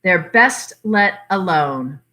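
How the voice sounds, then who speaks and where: A woman's voice: fairly low pitch, lively intonation, slow, bright, forceful tone, exaggerated voice. A woman reading aloud, voicing an irritable middle-aged husband who grumbles in blunt dialect. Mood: dismissive.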